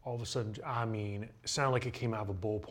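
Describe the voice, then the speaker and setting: A young adult man, a baseball pitcher and guest, telling an animated anecdote in a casual interview. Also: fast. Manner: animated, laughing anecdote teller.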